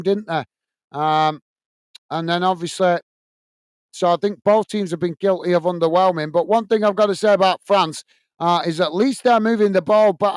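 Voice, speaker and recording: A man from England hosting a live football watch-along, calling the play and chatting with viewers in a chatty manner that quickly turns to ranting. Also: sits high, smooth, no echo. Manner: chatty, reads out viewer messages, quick to rant. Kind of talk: live football commentary and chat.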